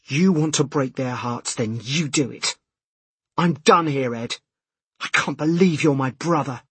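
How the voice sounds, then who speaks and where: A man puts on a furious adult sister in a storybook reading, her voice choked with tears and raised higher and louder than his own. The scolding comes out bitter, with a husky edge. It is recorded dry and close. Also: measured pace, no echo. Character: angry tearful adult sister.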